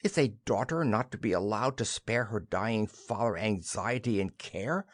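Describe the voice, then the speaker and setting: A man's voice: lowish voice, normal speed, no room sound, clean studio sound, pitched below the performer's own voice, natural voice. A man voicing a young wife who hides a secret, pleading and then brushing off her worry.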